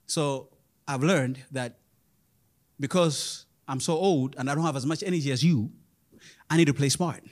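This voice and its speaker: A man in his thirties preaching a sermon as pastor, animated, laughing often and rising to loud emphasis. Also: on the high side, normal speed, long pauses. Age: 30s. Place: church in Indonesia.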